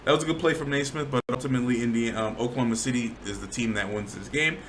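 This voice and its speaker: A man giving a casual, slangy breakdown of game highlights, often getting worked up over bad plays. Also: very fast, background noise. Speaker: sports commentator.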